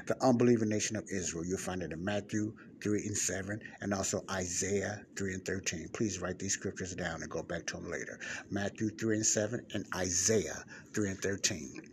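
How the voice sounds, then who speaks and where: Low-voiced man teaching the Bible at a library. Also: normal speed. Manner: digresses often, repeats points, checks in with listeners with "okay?". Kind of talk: informal Bible teaching, reading and explaining. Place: public library area with passing cars. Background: faint ambient noise.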